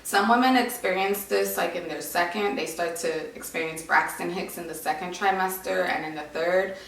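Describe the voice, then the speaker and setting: A woman's voice: fairly low pitch, moderate pace, creaky, fairly bright tone. A young woman giving a casual vlog update, talking with lots of fillers and sounding a little short of breath. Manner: chatty, many "like" and "um" fillers. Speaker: vlogger. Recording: echoey room, voice a bit far from mic.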